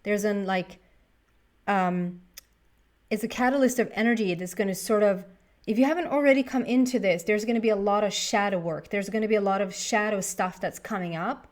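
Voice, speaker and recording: A woman's voice: medium pitch, brisk. A woman giving a casual tarot reading to her viewers, chatty and thinking aloud as she talks to the cards. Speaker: tarot reader.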